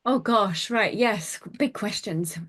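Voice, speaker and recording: A middle-aged woman, a psychic medium telling her life story in an interview, animated and chatty with many fillers. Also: mid-range voice, slow. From United Kingdom.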